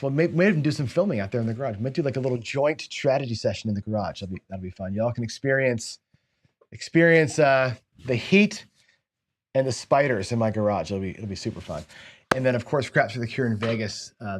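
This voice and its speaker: A chatty male host runs a relaxed online interview from his home setup. His pitch sits in an everyday middle range, and he laughs easily and often repeats words as he talks. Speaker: show host. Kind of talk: casual video call interview.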